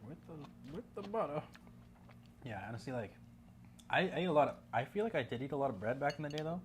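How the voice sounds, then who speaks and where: A man's voice: medium pitch, expressive, rapid-fire, a little hiss or hum. A man with a West Coast Canadian accent, a guest talking in laid-back casual chat, rambling with lots of fillers.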